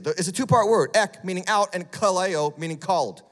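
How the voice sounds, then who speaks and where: A man preaches a sermon in a church sanctuary, his somewhat high voice swinging between hushed asides and loud, emphatic outbursts. His tone is blunt and often sarcastic. A long reverb from the hall trails after his words. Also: a little fast, few pauses. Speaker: lead pastor.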